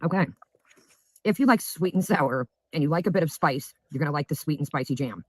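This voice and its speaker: A man's voice: a little high, animated, brisk, no echo. A man in a casual home vlog, rambling chattily while tasting food. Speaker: food vlogger.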